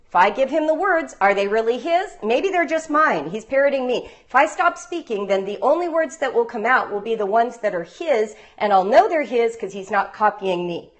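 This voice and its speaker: A woman's voice: fairly high pitch, expressive, moderate pace, hardly any pauses. A woman who teaches homeschool writing, giving a live-streamed talk on a phone with playful stories and rhetorical questions. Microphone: phone livestream.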